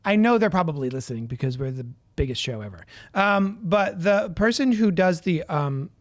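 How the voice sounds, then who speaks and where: A man's voice: high voice, expressive, moderate pace, no room sound, clean studio sound. A man co-hosting a podcast, telling stories in a jokey, self-mocking casual chat. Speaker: podcast co-host.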